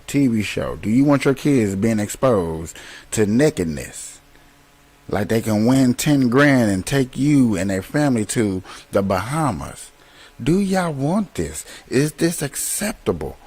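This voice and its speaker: A man hosting and talking to viewers, slow and emphatic, repeating words for stress. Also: mid-range voice, darkish tone, husky, low-quality recording. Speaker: host. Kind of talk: commentary to viewers.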